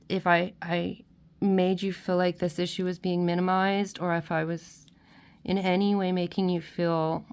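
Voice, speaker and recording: A woman giving a spiritual tarot reading to her viewers. She is tearful and emotional, and she speaks gently with many restarts and soft check-ins. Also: lowish voice, clean tone. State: tearful, crying at times. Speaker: tarot reader.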